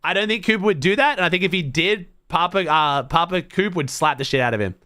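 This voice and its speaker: A man's voice: high voice, fast, bright, forceful tone, no echo, clean studio sound. An Australian man streaming to his chat, thinking aloud in blunt, casual talk full of swearing. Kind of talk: casual livestream chat to viewers.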